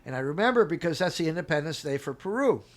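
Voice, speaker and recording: A man's voice: on the high side, fast talker. A middle-aged man telling a long personal story in casual talk, acting out what people said and laughing as he goes. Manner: animated, acts out quotes with laughs. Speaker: interview guest.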